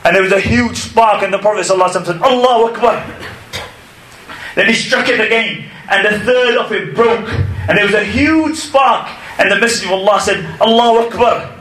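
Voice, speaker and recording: Bright high-voiced man preaching, echoey room. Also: fast talker. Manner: lively storyteller, acts out quotes with humor. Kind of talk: storytelling sermon.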